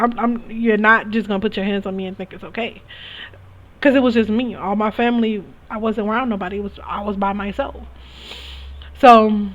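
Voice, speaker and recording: A young woman telling her own story in a candid, emphatic way, often restarting her sentences. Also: medium pitch. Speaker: spiritual reader sharing experiences. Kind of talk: casual personal storytelling. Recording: dull lo-fi recording.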